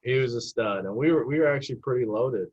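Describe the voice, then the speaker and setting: Young man, husky and low, animated storyteller acting out quotes, casual podcast guest, dull lo-fi audio. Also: fast. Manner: animated storyteller who acts out the people he quotes. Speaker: assistant basketball coach, guest.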